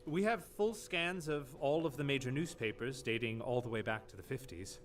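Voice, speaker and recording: An actor playing a polite, formal archive clerk in a mystery game, speaking in a measured, courteous way. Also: male voice, medium pitch, a little hiss or hum, close to an everyday voice. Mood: calm, formal. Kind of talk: game voice acting. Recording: game audio from a distance with music.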